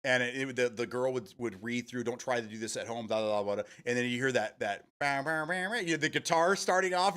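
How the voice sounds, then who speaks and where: A man's voice: mid-range voice, expressive, quick pace, few pauses, sharp tone. A man hosting a live stream, chatting casually with viewers, rambling and swearing freely as he answers chat.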